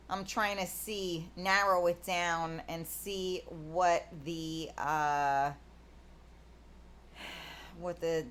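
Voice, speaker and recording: Slow-talking New woman host. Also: medium pitch. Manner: rambling, with many fillers. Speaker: talk show host. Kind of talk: casual live-stream chat.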